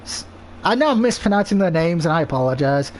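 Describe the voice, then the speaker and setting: A man with a fairly high voice talks through a game in loose, joking asides, swearing and laughing at what comes up on screen. His commentary is casual and offhand. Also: very animated, fast, a little hiss or hum. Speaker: let's play host.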